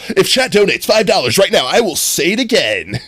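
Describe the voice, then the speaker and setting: A live streamer chatting casually to viewers while playing, goofy and rambling, often breaking into high laughter. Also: fairly bright tone, husky. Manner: talks directly to chat. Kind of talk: casual gameplay stream chat.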